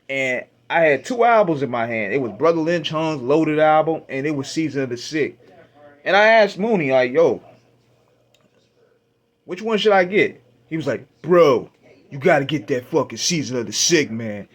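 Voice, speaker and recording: A man hosting a radio show, casually retelling his first listen to an album, with an animated, profane, laughing delivery. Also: medium pitch. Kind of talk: casual storytelling album review.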